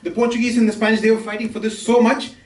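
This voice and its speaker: A man from India performing a stand-up comedy set, with brisk delivery and quick asides to the audience. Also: high-pitched, flat delivery. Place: comedy club stage with laughing audience. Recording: roomy, distant, with crowd laughter.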